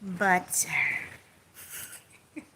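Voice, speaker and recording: A woman's voice: drawn-out words, noisy background. A woman vlogging from home in a rambling casual chat, sarcastic and swearing, jumping between topics and mocking people in put-on quotes. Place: home, on couch or bed.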